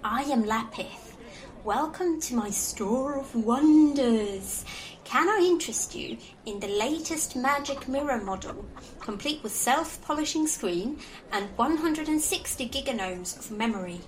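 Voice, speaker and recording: A man doing a high, chatty old centaur shopkeeper lady. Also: animated, a little slow, slight background noise, rough recording. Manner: gossipy, salesy. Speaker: game master.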